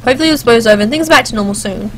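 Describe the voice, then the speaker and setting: A woman doing a let's play of a story game reads its text aloud, breaking off for chatty, joking asides and singing snatches. She races along in a slightly high voice, with a little hiss or hum in the background.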